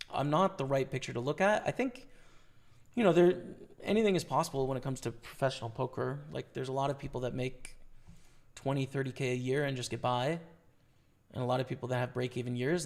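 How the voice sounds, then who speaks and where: Gravelly-voiced Canadian poker streamer. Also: male voice, mid-range voice. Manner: casual, hyped shout-outs to chat. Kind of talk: live stream commentary.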